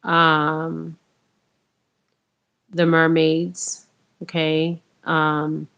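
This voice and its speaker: Slow, gravelly low-voiced woman vlogger. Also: monotone, fairly bright tone, lo-fi sound. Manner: rambling, many ums and repeated okays; addresses viewers as you guys. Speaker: spiritual vlogger. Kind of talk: casual spiritual talk to camera.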